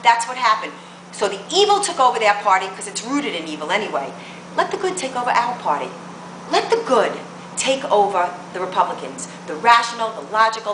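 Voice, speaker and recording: A woman's voice: fairly high pitch, a bit bright, echoey room, a little hiss or hum, rough recording. A woman political blogger delivering a combative rant to camera, full of emphatic rhetorical questions.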